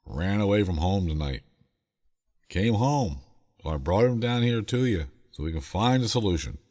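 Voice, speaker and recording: A man voicing a stern father who calmly plays a prank on his son, in a dry, matter-of-fact way. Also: deep voice, moderate pace, big-room sound, pitched above the performer's own voice. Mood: deadpan.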